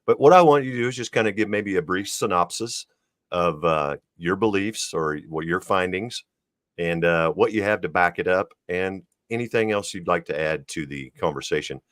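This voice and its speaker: A very deep-voiced man hosts an interview show, relaxed and easygoing as he sets up his questions. The sound is dry and close, with no room around it. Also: normal speed, no room sound. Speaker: host. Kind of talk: casual interview chat.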